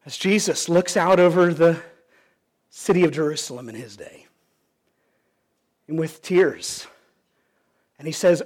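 A man's voice: on the high side, unhurried, long pauses, darkish tone. A pastor preaching a sermon in an earnest, pleading way, asking the congregation questions and often restarting his sentences.

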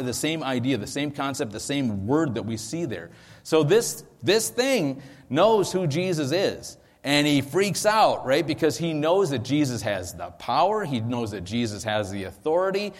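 Speaking into a microphone in a large hall, a male pastor teaches a sermon with a fairly high-pitched voice. He explains things conversationally, with frequent ums and asides.

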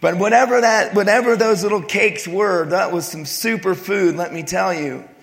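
A man preaching a sermon, retelling a scripture story with joking asides and dropping to a hush for quiet passages. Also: sits high, normal speed, in a large hall. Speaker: pastor.

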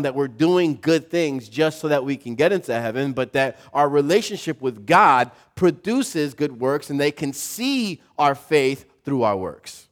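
A man preaching a sermon, telling a story and acting out the voices in it, asking his listeners questions. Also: medium pitch. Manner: animated, acts out quoted voices, asks the audience questions. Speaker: pastor.

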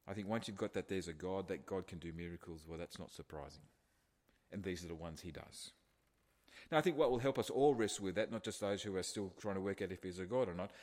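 A man preaching a sermon to a congregation in a conversational way, with rhetorical questions and restarts. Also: lowish voice. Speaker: pastor. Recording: long hall reverb.

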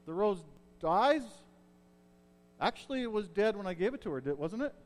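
A man's voice: sits high, big pitch swings, moderate pace, faint music behind. A middle-aged male pastor giving a sermon in a conversational way, checking in with his listeners as he explains a passage.

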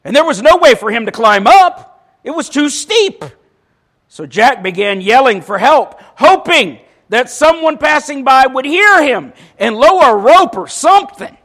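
Preacher guy, kinda high voice, punchy sermon with dry little jokes. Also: sing-song, moderate pace, fairly bright tone. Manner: emphatic, storytelling, with dry asides.

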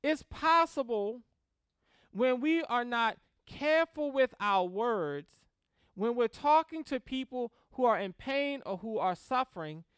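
A preacher giving a sermon in an animated way, acting out quotes in little voices and letting phrases fall away at the end. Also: mid-range voice, smooth, no echo, clean studio sound. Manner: animated, acts out quotes in voices, laughs at own stories.

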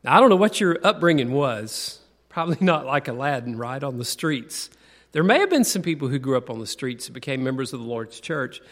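A man's voice: medium pitch, sing-song, a bit bright. Man preaching in a reverberant hall. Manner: asks the audience questions, then slows on key words. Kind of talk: conversational sermon. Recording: long reverb of a large hall.

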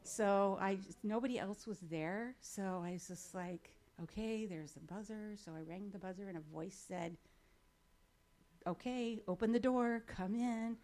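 Woman, testimony speaker on stage; animated storyteller, plays out dialogue, chatty fillers, mid-range voice. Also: mid-range voice, normal speed, few pauses. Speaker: speaker sharing a personal faith story.

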